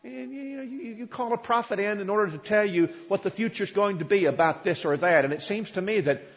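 A male preacher with a fairly high voice tells a scripture story conversationally, stumbling and repeating words as he goes. The recording is dull and muffled, with a long reverb from a big church hall. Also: brisk. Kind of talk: sermon storytelling.

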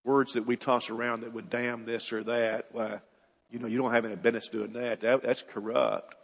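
A man's voice: mid-range voice, little pitch movement, normal speed. A man preaching a sermon, earnest and repetitive, building to emphatic bursts. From United States. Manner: earnest, repeats words, rises to emphatic bursts. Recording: husky voice in a reverberant hall.

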